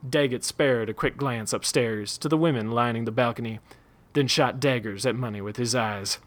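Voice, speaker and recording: A man reading a western story aloud in a relaxed storytelling manner. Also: medium pitch, moderate pace.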